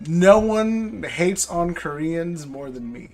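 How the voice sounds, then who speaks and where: A man's voice: fairly high pitch, animated, slow pace, darkish tone, faint music behind. A young man hosting a casual livestream, rambling and ranting, often repeating his words. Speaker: live stream host opening card packs.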